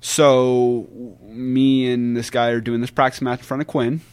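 Man, podcast guest, casual storytelling, acts out quotes, animated. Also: mid-range voice, unhurried, clear, resonant tone. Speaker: guest wrestler.

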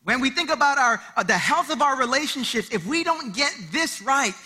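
A man's voice: extremely high pitch, normal speed, husky. A man in his thirties preaching a sermon in church, telling family stories and acting out the voices. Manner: animated storytelling, acting out voices and cries. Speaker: pastor.

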